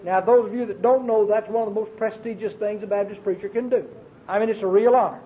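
A Baptist preacher, preaching an emphatic, storytelling sermon with many repeated phrases. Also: male voice, fairly even intonation, fast. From Arkansas, US. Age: 40s. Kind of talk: fervent sermon. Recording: tinny lo-fi recording with faint hiss and rumble.

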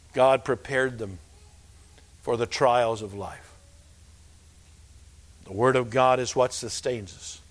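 A man preaching a sermon as pastor, earnest and emphatic, repeating his key phrases. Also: mid-range voice. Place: church sanctuary.

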